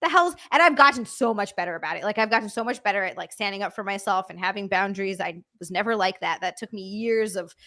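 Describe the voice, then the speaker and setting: A woman's voice: mid-range voice, fast, few pauses, a bit bright. A young woman hosting her stream, chatting casually, swearing a lot and gushing thanks to her viewers. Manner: profane, laughing, emotional thanks to chat. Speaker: streamer host. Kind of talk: casual chat.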